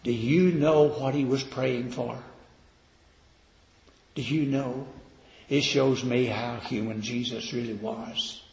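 A man preaching a sermon, swinging from loud declaiming to quiet, slow emphasis. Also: mid-range voice, steady tone, gravelly, a little hiss or hum. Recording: echoey hall, dull lo-fi sound.

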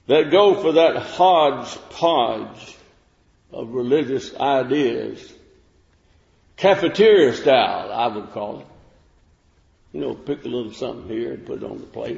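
Folksy preacher in an echoey hall. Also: male voice, mid-range voice, vocal fry, a little mellow. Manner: folksy, unhurried, with fillers and restarts. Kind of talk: sermon. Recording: echoey room with long reverb, dull lo-fi sound.

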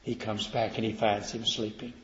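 A man preaching a sermon, swinging from loud declaiming to quiet, slow emphasis. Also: fairly low pitch, flat delivery. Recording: echoey hall, dull lo-fi sound.

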